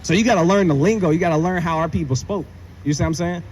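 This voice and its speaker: A man teaching the Bible in a street style, animated and slangy, asking rhetorical questions. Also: a little high, quick pace, slight background noise.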